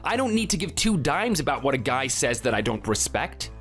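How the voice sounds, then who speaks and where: A man's voice: medium pitch, big pitch swings, a little fast, a bit bright, soft background music. A man voicing an indignant family man who confronts a bully, read in a synthetic texting-story style. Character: Italian-born family man standing up to a bully. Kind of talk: text-to-speech texting story.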